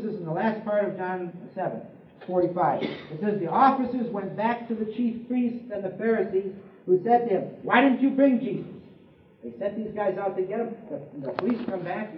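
A man preaching a sermon, emphatic, asking rhetorical questions and swinging between loud and hushed delivery. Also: high voice. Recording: distant, roomy, dull lo-fi recording.

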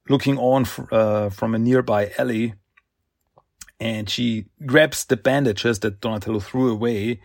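A man casually retelling a comic issue, halting with fillers and restarts and chuckling often. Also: medium pitch, dry recording, clean studio sound. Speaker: comic recap reviewer.

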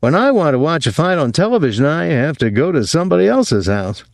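A man's voice: on the high side, big pitch swings, fairly quick, vocal fry, no room sound, studio quality, voice pushed up. A man voicing a short, hearty husband who talks in a breezy, jovial way.

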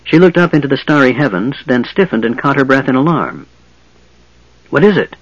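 At a middle pitch, a man narrates a fantasy audiobook with steady, measured delivery. The recording is dry, a little dull, and has no echo.

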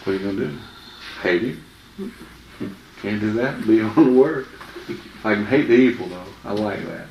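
A man's voice: on the low side, normal speed, vocal fry, pauses often, highs cut off, slight background noise. A man giving informal Bible teaching in a chatty, anecdotal way, often laughing. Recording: echoey room with faint ambience.

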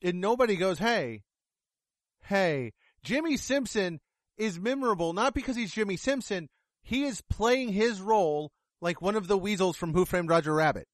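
Man, high-pitched voice, casual film chat, blunt and sweary, dry close sound. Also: moderate pace, dry recording. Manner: blunt, profane, sarcastic. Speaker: film reviewer. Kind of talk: casual movie review chat.

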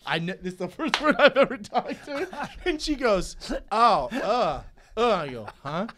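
A man's voice: very high-pitched, very animated, noisy background. A man in a casual chat, teasing his co-host and telling a crude childhood story. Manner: teasing, quick wisecracking comebacks. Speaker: podcast co-host.

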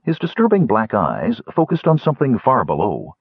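A man narrating a fantasy audiobook with expressive, varied storytelling. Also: medium pitch, moderate pace, breathy edge, dry recording. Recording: dull lo-fi audiobook recording.

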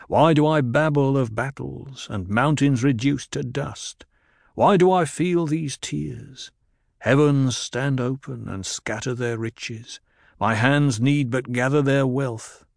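A man voicing a loyal veteran warrior-minstrel who speaks in a halting, pleading way. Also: medium pitch, darkish tone, dry recording, clean studio sound, close to an everyday voice. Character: grizzled male warrior-minstrel, loyal, brokenly emotional.

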